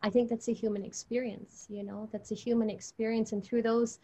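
A woman guest on a podcast, speaking calmly and reflectively about inner life. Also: on the high side, brisk, breathy edge. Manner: calm, reflective. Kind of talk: reflective spiritual conversation.

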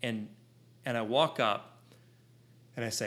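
Excitable man in his thirties telling a story. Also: medium pitch, measured pace. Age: 30s. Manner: excitable, with rambling restarts and lots of "like". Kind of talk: animated personal storytelling to an audience.

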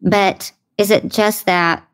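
A woman guest on a podcast, chatting casually and telling animated stories. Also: mid-range voice, slow pace. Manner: animated storyteller, acts out others' lines. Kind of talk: casual conversation.

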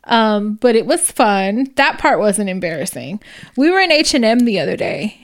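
A woman's voice: medium pitch, big pitch swings, moderate pace. A woman co-hosting a podcast in casual chat, chatty and swearing freely as she tells stories. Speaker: podcast co-host.

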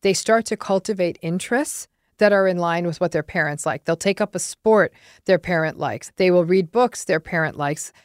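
A woman hosting a podcast interview, reflecting back on a guest's story in a measured, analytical way. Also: on the low side, smooth, dry recording, studio quality. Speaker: podcast host and psychologist.

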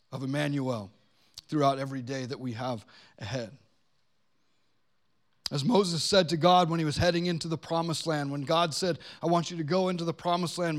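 A man preaching a sermon as pastor to his congregation in a relaxed, joking way, slowing down for the weightier lines. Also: on the high side. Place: church gathering with a congregation present.

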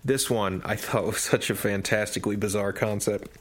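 A man co-hosting a podcast, telling a story in casual chat with lively enthusiasm. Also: lowish voice, moderate pace, soft background music. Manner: animated storyteller. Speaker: podcast co-host.

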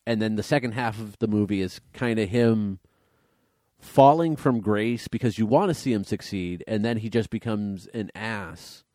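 A man's voice: fairly low pitch, normal speed, warm tone, no echo, clean studio sound. A man co-hosting a casual movie podcast, rambling a little and reading trivia aloud. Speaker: podcast co-host.

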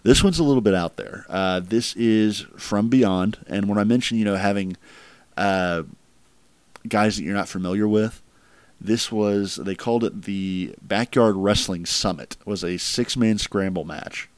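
A podcast host ranking wrestling matches speaks at a measured pace in a fairly low, smooth voice on a dry recording. His casual chat rambles, is full of fillers, and he laughs at crude jokes.

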